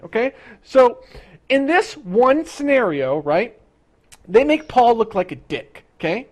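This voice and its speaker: A young adult streamer rambles to chat in a loose, profane rant. The talk stumbles and restarts, repeats words, and breaks into quick impressions of characters mid-sentence. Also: medium pitch, animated. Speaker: livestreamer talking to chat.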